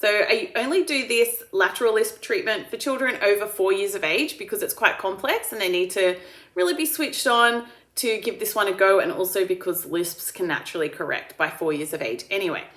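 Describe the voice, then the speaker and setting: A woman with an Australian accent, working as a speech pathologist, calmly explains therapy steps and slowly models speech sounds. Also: mid-range voice. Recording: roomy echo.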